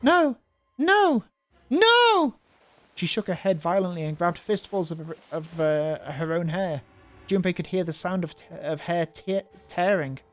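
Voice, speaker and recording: Here a man works through a visual novel out loud, making casual, mocking remarks and tripping over words along the way. He speaks at a normal speed in a steady, fairly high, slightly mellow voice; the recording has no room sound and soft music underneath.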